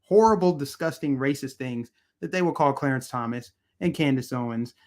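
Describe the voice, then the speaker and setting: A man's voice: mid-range voice, normal speed, darkish tone. A man hosting political commentary on a live stream, ranting in a heated, emphatic, repetitive way and answering his chat.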